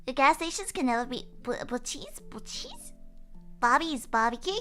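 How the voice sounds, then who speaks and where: A woman's voice: high-pitched, animated, moderate pace, fairly bright tone, soft background music. A woman streamer in a casual livestream, chatting in a bubbly, giggly, playful way while explaining slang.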